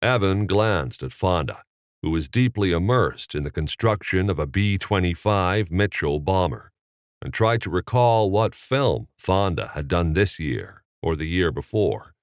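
A man narrating an audiobook chapter in a measured, expressive reading. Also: sits low, no room sound, clean studio sound. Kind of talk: scripted narration.

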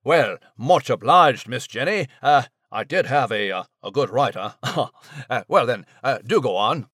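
A man's voice: medium pitch, animated, measured pace, a bit bright, breathy edge, dry recording, clean studio sound. A man voicing a proper, well-mannered male mouse who talks in clipped upper-class phrases. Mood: modest. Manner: clipped upper-class talk with "I say" and "old boy". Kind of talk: audio drama acting.

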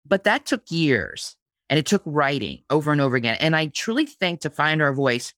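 A woman's voice: deep voice, very animated, moderate pace, fairly bright tone, no echo, studio quality. A woman guest on a podcast interview, talking casually about her craft, with frequent restarts and repeated words. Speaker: guest, blogging teacher.

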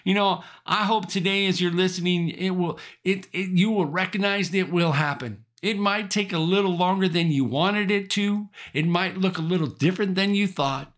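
A man preaching a sermon, emphatic and animated, repeating rallying phrases with the odd chuckle. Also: sits high, normal speed, few pauses. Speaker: pastor.

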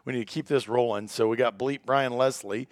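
A man's voice: medium pitch, steady tone, a little fast. A man hosting a podcast in casual chat, joking and rambling as he talks. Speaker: podcast host.

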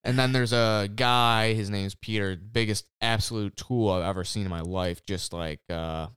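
A man's voice: fairly low pitch, steady tone, normal speed, fairly bright tone, clean tone, dry recording, studio quality. A man chatting casually, recapping shows and movies with friends. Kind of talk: casual chat.

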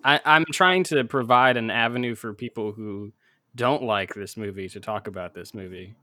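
A man chatting on a podcast in a bright, forward voice. He rambles with plenty of "um"s and restarts, and the sound is close and dry, with no room around it. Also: fairly low pitch, normal speed, no room sound. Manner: rambling, many fillers and restarts. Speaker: podcast co-host. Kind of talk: casual chat.

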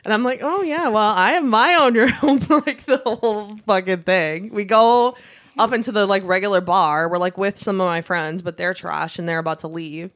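A young woman co-hosting a podcast tells a story in a casual chat, animated and laughing often while swearing a lot. Her voice is medium in pitch, at a normal speed.

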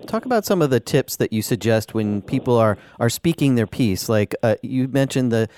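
A man hosting a radio interview, asking questions in a measured, slightly halting way. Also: mid-range voice, animated, darkish tone, a little hiss or hum. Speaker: radio host.

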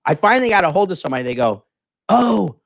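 A man's voice: on the high side, very animated, rapid-fire, fairly bright tone. A man hosting a business talk show, ranting emphatically and acting out phone calls in a casual way. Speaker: host.

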